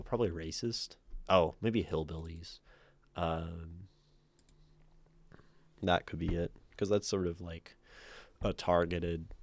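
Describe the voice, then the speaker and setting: A man with a very deep voice reads aloud and comments on a livestream, wandering through his thoughts with lots of "like" and "um", correcting himself and laughing as he goes. The sound is close and dry, with no room around it. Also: creaky, dry recording. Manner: rambling, thinking aloud, many fillers and self-corrections; laughs often mid-sentence. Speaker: livestream host reading viewer submissions.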